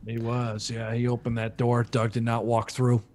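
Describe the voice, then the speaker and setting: A man's voice: mid-range voice, completely flat delivery, moderate pace, a little mellow. A man commentating a live poker stream, chatty and joking, thinking aloud between hands.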